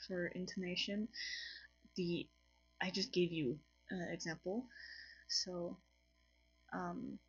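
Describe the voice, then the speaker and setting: This French-accented woman has a fairly low pitch with vocal fry, and the highs in the audio are cut off. Tired but chatty, she teaches a casual lesson to camera for her own language channel, apologizing and often restarting sentences. She's in a home room with colored lights.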